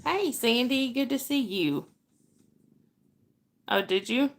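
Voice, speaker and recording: A woman's voice: on the high side, animated, slow, vocal fry. A woman hosting a livestream, chatting casually with viewers and laughing often. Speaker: livestream host.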